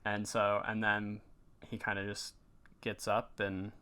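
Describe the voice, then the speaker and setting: A man's voice: on the low side, completely flat delivery, takes it slowly, sharp tone, clear, resonant tone. A man co-hosting a podcast, casually recapping a movie plot with lots of fillers. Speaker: podcast co-host. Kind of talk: casual movie review chat.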